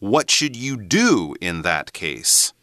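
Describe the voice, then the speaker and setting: Male lesson co-host, animated and explanatory, bright dry voice. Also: deep voice, slow, no room sound. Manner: explanatory, animated, jokey asides. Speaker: English teacher co-host. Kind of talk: bilingual language lesson chat.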